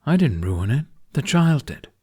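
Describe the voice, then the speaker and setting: A man's voice: medium pitch, sing-song, measured pace, darkish tone, slightly rough, voice pushed up. A man reading the part of a male dragon companion in an audiobook, teasing in a dry, matter-of-fact way.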